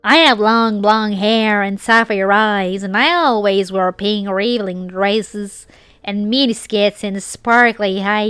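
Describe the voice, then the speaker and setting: A woman's voice: medium pitch, a bit bright, clear, resonant tone, no room sound, studio quality. A woman voicing a boastful, ditzy teenage Southern girl from a fanfic, with a put-on American Southern accent and an exaggerated drawl.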